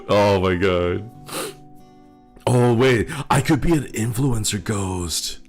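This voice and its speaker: A man's voice: on the low side, expressive, drawn-out words, vocal fry, long pauses, faint music behind. A male streamer chatting casually with viewers, rambling and laughing often as he thanks supporters.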